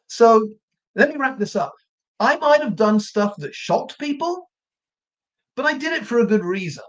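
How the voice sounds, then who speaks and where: A man's voice: extremely high pitch, animated, normal speed, fairly bright tone. A man hosting a live true crime stream, ranting in a combative, indignant way and often repeating himself. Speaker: true crime channel host.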